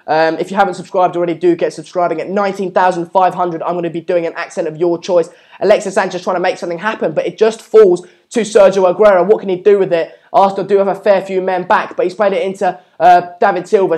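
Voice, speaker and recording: A young man with a high, slightly mellow voice streams a live football watchalong. He talks chattily with frequent ums, covering the play, reading out comments from viewers, and urging them to subscribe.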